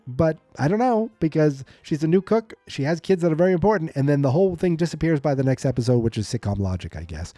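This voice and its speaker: Male podcast host, mellow tone, dry close sound, loose rambling recap delivery. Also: medium pitch, big pitch swings, fast talker, few pauses, no room sound, faint music behind. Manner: rambling, self-correcting, mock-quoting characters. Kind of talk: casual episode recap.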